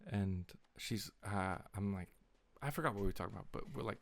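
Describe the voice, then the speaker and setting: A man's voice: lowish voice, fairly quick, gravelly, dry recording. A young man in a casual, rambling vlog, retelling a story in an exasperated tone with lots of swearing. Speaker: vlogger.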